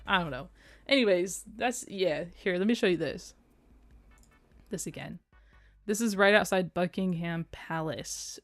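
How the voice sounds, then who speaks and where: A woman's voice: fairly low pitch, no room sound. A young adult woman streaming, chatting casually and playfully, with frequent giggles and rambling asides. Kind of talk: casual livestream chat.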